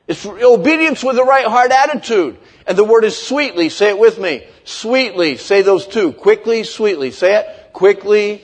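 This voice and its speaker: A man in his fifties preaching a lively sermon, leading the congregation in call-and-response and acting out kids' complaints. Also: high voice, slightly rough. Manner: animated, playful, acts out kids' voices. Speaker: pastor.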